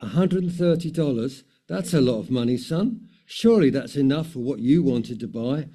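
A man's voice: mid-range voice, lively intonation, moderate pace, dark tone, natural voice. A man voicing an overworked businessman father in a told story, read in a firm tone. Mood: stern. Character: tired businessman father, stern then gentle.

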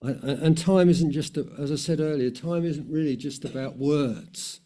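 Dark-voiced preacher. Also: male voice, on the high side, moderate pace. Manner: warm, conversational, with many fillers and repetitions. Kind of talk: sermon.

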